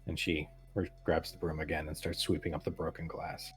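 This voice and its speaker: A man narrating as game master in a tabletop game, relaxed and halting with fillers. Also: rumbling low, soft background music.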